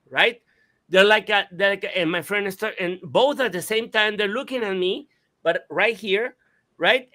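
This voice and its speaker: A man hosting a radio talk show, telling a story in an animated, casual way, swearing and imitating sounds. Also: high voice.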